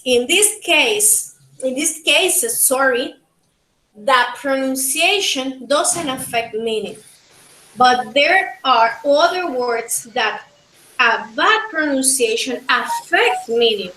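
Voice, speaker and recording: Panamanian woman teacher, bright and unhurried, drilling pronunciation in an echoey room. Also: high voice, expressive. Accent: Panamanian Spanish. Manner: slow, repeats words to model pronunciation. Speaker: linguistics teacher. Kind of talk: bilingual classroom lecture.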